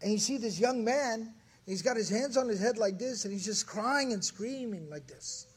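Husky, high-voiced male storyteller. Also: expressive, normal speed. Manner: vivid, scene-painting, recites classical verse. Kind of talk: casual storytelling lesson.

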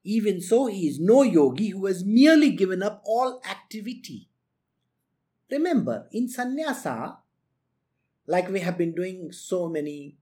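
Spiritual teacher, lively delivery with wide pitch swings, frequent laughter, plays out quotes. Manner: animated, laughs often, acts out quotes. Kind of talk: lecture on renunciation.

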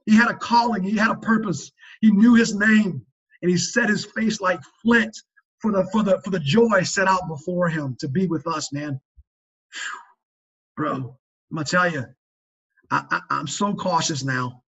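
A man's voice: high voice, moderate pace, a bit bright, husky, muffled recording. A man talking earnestly about fathering on a faith-based podcast, emphatic and preachy, often restarting his sentences. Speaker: father sharing parenting advice.

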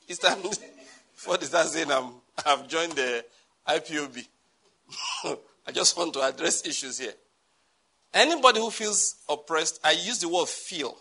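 Preaching to a church, a Nigerian-accented pastor alternates between grave warnings and jokes, chuckling at his own remarks. His voice is bright and pitched a little high.

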